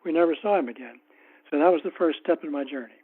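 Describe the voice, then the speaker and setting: Male author guest with a slightly high voice, wry and anecdotal, on a tinny phone-like line. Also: quick pace, husky. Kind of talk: casual interview storytelling.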